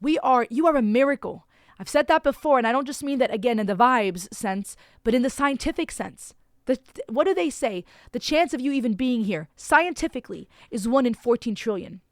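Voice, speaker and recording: A woman's voice: a little high, animated, brisk, no echo, studio quality. A woman giving casual, effusive reaction commentary as a vlogger, emphatic and full of restarts.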